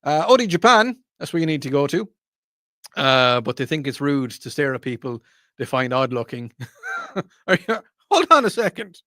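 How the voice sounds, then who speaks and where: A chatty male radio host with a fairly high voice, reading out listener messages and joking at his own expense. His voice is close and dry on the studio microphone, with no room sound. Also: big pitch swings, moderate pace, bright, forceful tone, no echo. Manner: chatty, reads out listener texts, self-mocking jokes. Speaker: radio talk show host. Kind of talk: casual call-in radio chat.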